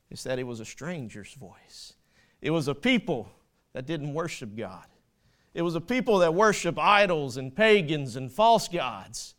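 A man's voice: medium pitch, a bit bright. A man preaching a sermon, quoting scripture with rising fervor and making small slips and corrections as he goes.

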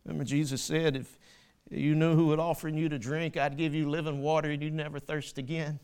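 A man's voice: fairly high pitch, flat delivery, fairly quick, darkish tone, clean tone. Man preaching a sermon with rising fervor.

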